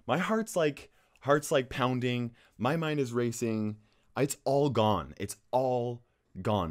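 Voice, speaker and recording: A man vlogging for his gaming channel, talking straight to camera in an anxious, rambling way, with nervous laughs and frequent restarts. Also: mid-range voice. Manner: restless, with frequent restarts and fillers. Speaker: gaming YouTuber. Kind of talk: casual talking-head vlog.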